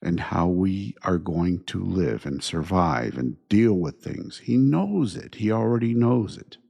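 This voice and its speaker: Male podcast host, dark and mellow voice, reflective solo talk that circles back through rhetorical questions. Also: deep voice, very animated, creaky. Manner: unhurried, repeats points with rhetorical questions. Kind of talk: reflective monologue.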